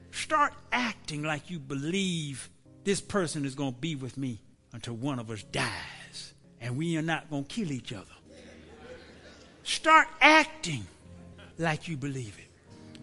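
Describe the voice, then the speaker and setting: A man preaching a sermon in church, dropping to whispers and rising to shouts. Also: on the high side, in a large hall. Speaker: pastor.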